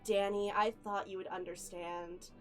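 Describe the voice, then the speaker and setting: A woman voicing a calm, murderous mother in a tabletop game, speaking softly with a cold, sinister calm. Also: medium pitch, moderate pace, soft background music, natural voice.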